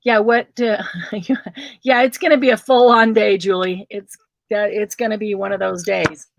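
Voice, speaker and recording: A woman's voice: mid-range voice, fairly even intonation, normal speed, vocal fry, dry recording. A woman hosting a casual craft livestream, chatting with viewers and calling them by name.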